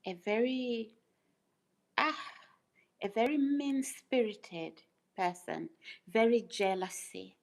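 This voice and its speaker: A woman's voice: mid-range voice, darkish tone, rough recording. A woman hosting her own livestream, speaking casually and emphatically to her chat, repeating phrases and asking rhetorical questions. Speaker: YouTuber livestream host.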